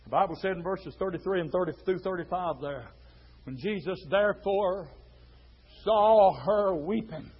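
A preacher man with a strikingly high, piercing voice, dropping low and quiet and then erupting into drawn-out shouts. The recording sounds dull and lo-fi, like an old church tape. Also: slightly rough. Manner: fiery preaching that swings from hushed to shouting, drawn-out words. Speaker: pastor. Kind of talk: sermon.

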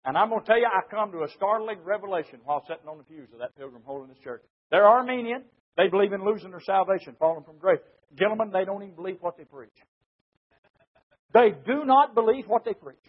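A man preaching a sermon, telling a story emphatically and swinging from shouts to hushed tones. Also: high voice, expressive, quick pace. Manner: storytelling with repeated "said". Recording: dull lo-fi recording.

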